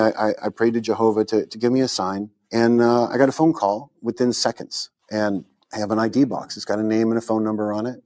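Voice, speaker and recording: A man's voice: mid-range voice, darkish tone. Earnest man telling his story. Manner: earnest storytelling with stammered repeats and quoted inner thoughts. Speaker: interview guest. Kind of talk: personal testimony in an interview.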